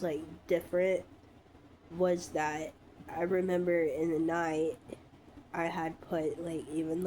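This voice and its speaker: A woman with a stuffy, congested voice from a cold, talking through a casual vlog update from her bedroom, halting with frequent ums. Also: fairly low pitch, warm tone, a little hiss or hum. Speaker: vlogger.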